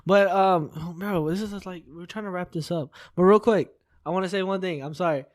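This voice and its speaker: A man's voice: sits high, brisk, no echo, studio quality. A young man co-hosting a podcast, chatting casually in a joking, teasing, rambling way. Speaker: podcast co-host. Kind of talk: casual chat.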